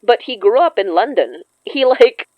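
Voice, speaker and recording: A woman co-hosting a podcast about her audio drama, talking in a quick, chatty way and laughing often. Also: a little high, big pitch swings, dry recording, muffled recording. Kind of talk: casual chat.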